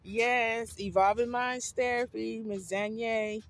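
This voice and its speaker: Speaking to camera in a park, a Southern woman casually vlogs about making food for homeless people, peppering her folksy talk with "honey" and "I bet you." Her voice is on the low side and her pace is measured.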